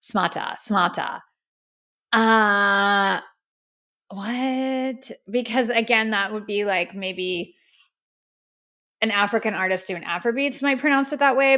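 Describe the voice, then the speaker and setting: Woman, podcast host, casual music review, candid, opinionated, chatty, mid-pitched. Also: a little fast, fairly bright tone. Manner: candid and opinionated, with frequent fillers and laughs.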